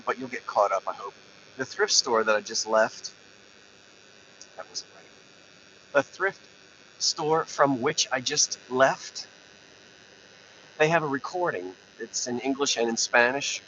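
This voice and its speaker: Talking into a camera mounted in his parked truck, this antiques seller runs a jokey, meandering live chat, often breaking off mid-thought. His medium-pitched voice is bright and forceful and unhurried. A faint hum runs under the dull, lo-fi sound.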